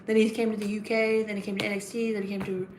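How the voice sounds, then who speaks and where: A woman's voice: medium pitch, little pitch movement, fast, a little mellow. Woman, casual live-stream host, rambling, fillers, roomy echo, faint background hiss. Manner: rambling, chatty, many fillers and restarts. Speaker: livestream host.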